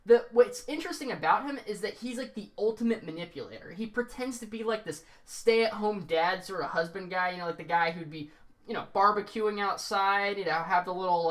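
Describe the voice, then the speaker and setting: A woman's voice: medium pitch, a bit bright. Casual, rambling woman reviewer. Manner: rambling, with filler words and jokey tangents. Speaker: show reviewer.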